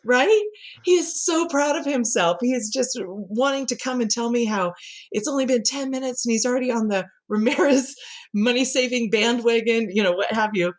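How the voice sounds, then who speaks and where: Lively middle-aged woman telling stories. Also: on the high side, moderate pace. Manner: lively storyteller who laughs often and acts out quotes. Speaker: communication coach, guest. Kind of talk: conversational podcast interview.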